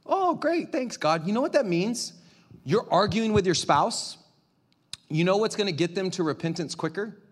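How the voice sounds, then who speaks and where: A male pastor preaching a sermon in an animated, conversational way, swinging from loud to quiet. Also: high voice, normal speed.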